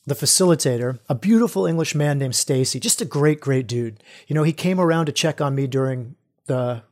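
A man's voice: mid-range voice, a little fast, a little mellow. A man hosting his own podcast, talking earnestly and reflectively to his listeners as a spiritual guide for men, calling them brothers. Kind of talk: solo podcast monologue.

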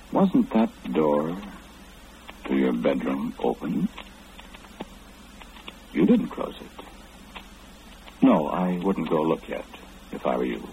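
A deep, mellow voice belongs to a wry clairvoyant who knows everything before it happens. He speaks in a knowing, unhurried, gently mocking way, with lively swings of pitch. It is a 1940s radio drama performance. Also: a little hiss or hum, rough recording.

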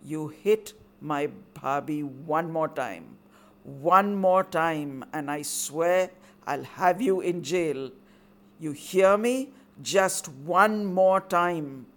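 A storyteller voicing a teenage boy who speaks slowly in a controlled, commanding voice. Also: on the high side, fairly bright tone, full character voice. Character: teenage boy turned firm protector.

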